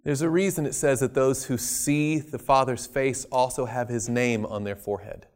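A man preaching a sermon, stressing key words loudly and then dropping to quiet asides. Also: medium pitch, steady tone, moderate pace. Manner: emphatic, swinging between loud stresses and quiet asides.

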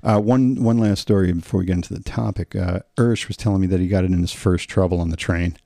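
A man co-hosting a casual podcast, easygoing and quick to laugh along. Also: low voice, fairly even intonation, vocal fry, mellow, dry recording, clean studio sound. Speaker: podcast co-host.

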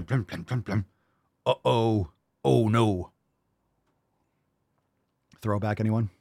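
A man hosting a podcast, reacting to an article with mocking, profane sarcasm, swinging from loud outbursts to low mutters. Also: no room sound, clean studio sound. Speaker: podcast host.

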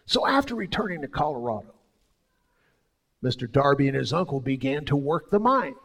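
A man preaching a sermon as pastor, telling stories with sudden swings between loud and soft. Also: mid-range voice, sing-song, moderate pace.

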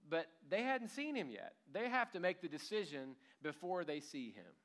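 A man preaching a sermon, telling the story in an animated way with a light chuckle now and then. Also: fairly high pitch, normal speed. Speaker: pastor.

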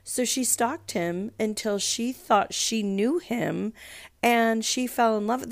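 A woman's voice: a little high, slow, creaky, no echo, clean studio sound. A woman podcast host with a congested, stuffed-up voice, casually recapping a TV show with rambling, sarcastic asides.

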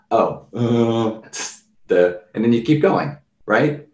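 A man's voice: on the low side, slow pace, echoey room, far from the mic, muffled recording. A man talking casually about mindfulness, telling everyday stories and acting out people's reactions. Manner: animated storyteller, acts out quoted reactions. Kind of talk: casual conversational talk.

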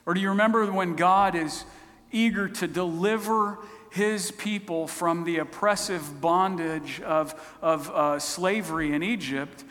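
A man's voice: high-pitched, a bit bright. A man preaching a sermon, retelling stories in a conversational, storytelling way. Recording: long hall reverb.

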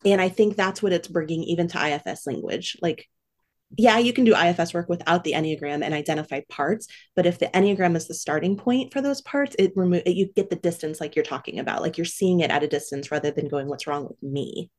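A woman's voice: on the low side, lively intonation, fast talker, darkish tone. A middle-aged woman hosting a podcast, affirming her guest and explaining ideas plainly. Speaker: podcast host. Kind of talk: casual podcast chat.

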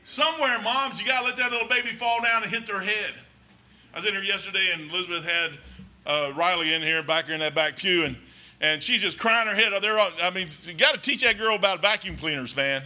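High, bright-voiced preacher. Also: male voice, a little fast. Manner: rambling, conversational, emphatic. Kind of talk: folksy sermon. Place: church.

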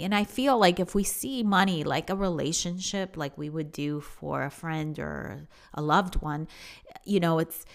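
A middle-aged woman giving an earnest, casual motivational talk, repeating herself and restarting her sentences often. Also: fairly low pitch. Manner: earnest, repetitive, many restarts and fillers. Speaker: speaker on affirmations.

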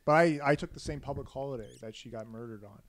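A man hosting a casual chat show, telling a story in a joking, animated way. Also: mid-range voice, fast talker. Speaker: podcast host.

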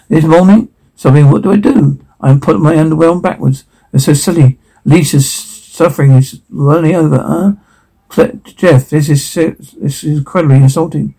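A man voicing every character in a comedy sketch, trading quick lines back and forth. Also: fairly high pitch, creaky, dark tone, husky, poor audio.

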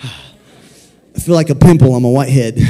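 Playful preacher leading call-and-response. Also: male voice, medium pitch, slow, warm tone, slightly rough. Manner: playful, jokey, leads the crowd in repeat-after-me calls. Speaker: preacher at a children's service. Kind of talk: energetic children's sermon with call-and-response. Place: church sanctuary.

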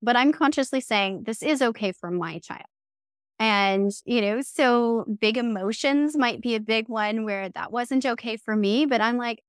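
A woman's voice: fairly high pitch, normal speed, dry recording, clean studio sound. A woman in her thirties, a therapist speaking earnestly in a podcast interview, acting out quoted phrases as she explains. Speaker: guest, somatic therapist and mindset coach.

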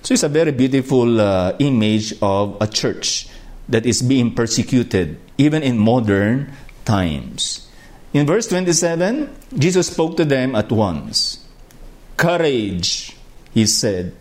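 A man with a Filipino accent preaches a slow, reflective sermon, his medium-pitched voice sing-song and a little mellow. He builds rising emphasis on key words and phrases.

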